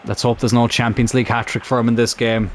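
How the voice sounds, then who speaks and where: A young man commentating on his own football video game career, calm one moment and shouting the next. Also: mid-range voice, fast, a little hiss or hum. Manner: excitable, shouts at big moments. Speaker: gaming YouTuber.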